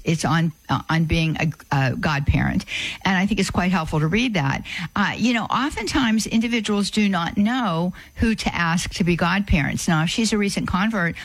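A woman's voice: lowish voice, no echo, poor audio. Lady radio host taking calls, lots of uhs and restarts, dry close sound. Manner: halting, many fillers and restarts. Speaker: radio call-in show host. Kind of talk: call-in radio advice.

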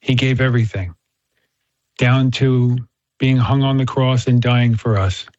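A man's voice: medium pitch, fairly even intonation, a little slow, darkish tone, no echo. A man talking earnestly about faith and telling a story, often repeating words as he restarts. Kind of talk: casual faith-based chat with storytelling. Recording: dull, slightly muffled sound.

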